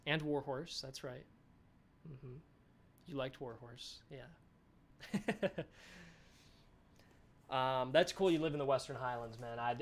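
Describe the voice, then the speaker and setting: A man's voice: medium pitch, a little hiss or hum. Chatty man hosting a dev stream. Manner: reads viewer chat aloud and answers it off the cuff; enthusiastic, chatty. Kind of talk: casual live-stream chat.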